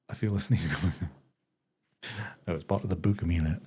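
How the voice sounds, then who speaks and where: A man reading a farming diary aloud on a live stream, pausing for chatty asides to viewers. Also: fairly low pitch, a little mellow, slight background noise.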